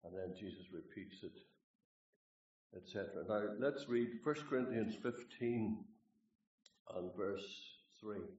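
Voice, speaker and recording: A Northern Irish man preaches to a hall in a folksy, joking way, leaning hard on the scripture he reads. His voice sits fairly low and comes from well off the microphone, with a roomy, dull sound. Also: slow, long pauses, a little mellow, distant mic. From Northern Ireland. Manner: folksy and joking, emphatic when reading scripture. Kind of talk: sermon. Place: meeting hall, speaking away from the mic.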